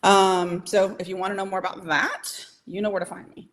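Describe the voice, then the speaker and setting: A woman's voice: medium pitch, little pitch movement. A woman giving a live training to small business owners, talking directly and emphatically, and checking in often with "okay?" and "right?". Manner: emphatic, coaching, keeps asking "okay?" and "right?"; direct and motivational, speeds up and slows down.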